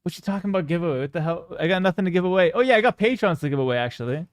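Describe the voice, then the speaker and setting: Young male streamer, raised pitch, teasing and self-assured, dry booth-like sound. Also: expressive, very fast, few pauses, no room sound. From Canada. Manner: cocky, joking banter with chat. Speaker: game streamer. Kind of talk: casual live-stream gameplay commentary.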